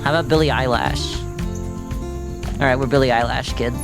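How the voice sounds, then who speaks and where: Male streamer, casual game commentary, rambling, giggly, mid-pitched voice, faint music behind. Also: normal speed. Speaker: streamer playing a video game.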